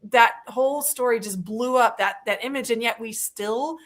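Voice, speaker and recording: High-voiced woman in animated chat. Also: normal speed. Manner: animated, acts out quotes in voices. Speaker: host. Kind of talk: casual faith chat.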